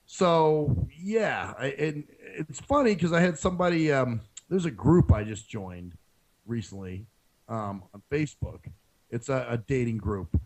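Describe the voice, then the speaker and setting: A man's voice: mid-range voice, animated, measured pace, darkish tone, low-quality recording. A man hosting his own radio show, ranting frankly in a casual solo monologue and swearing freely.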